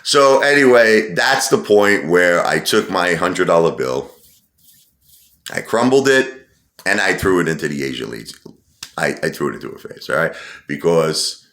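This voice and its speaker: A man's voice: deep voice, pushed and bright, reverberant. A man telling a long personal story in a rambling, defensive way, often repeating himself. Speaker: channel host telling a story. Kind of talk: casual storytelling monologue.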